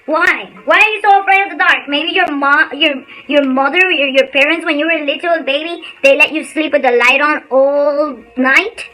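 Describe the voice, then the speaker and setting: A woman giving a casual motivational talk on a livestream, an animated storyteller who speaks bluntly and swears casually. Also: high voice, moderate pace, hardly any pauses, faint music behind, poor audio. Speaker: spiritual insights channel host.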